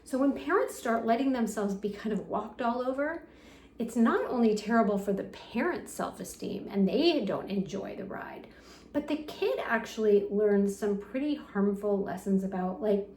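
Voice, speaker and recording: A middle-aged woman coaching parents in a gentle, soothing lesson, softly acting out the phrases she suggests. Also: mid-range voice, lively intonation, moderate pace, reverberant, a little hiss or hum. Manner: gentle, soothing, acts out soft example phrases. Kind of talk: talking-head parenting lesson.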